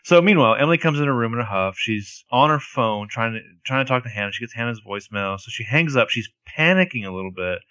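A man's voice: mid-range voice, lively intonation, quick pace, hardly any pauses, bright, forceful tone, clean tone, no echo. A man co-hosting a casual podcast, talking through a TV episode with lots of "like". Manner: chatty, lots of "like" and restarts. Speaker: podcast co-host recapping a TV episode. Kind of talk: casual chat.

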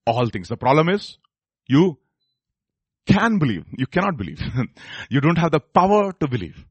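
Man preaching with big swings in loudness. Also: medium pitch, sing-song, brisk, long pauses, dry recording. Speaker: pastor. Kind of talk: sermon.

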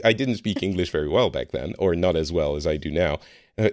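A man's voice: deep voice, a little fast, darkish tone, no echo, studio quality. A French man hosting a podcast, chatting casually with a guest, laughing often and teasing himself. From France. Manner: chatty, laughing, self-deprecating. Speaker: podcast host. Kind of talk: casual chat.

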